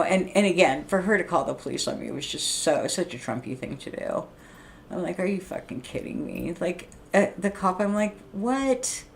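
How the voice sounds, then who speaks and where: Middle-aged woman streamer, deep voice, blunt, profane, rambling vent. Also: gravelly, slight background noise. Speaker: livestreamer. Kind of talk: casual venting monologue.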